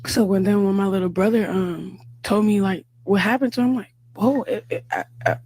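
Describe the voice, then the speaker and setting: A woman guest in an interview, casually recounting a story in a rambling, halting way with many fillers. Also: medium pitch, a little mellow, husky, no room sound.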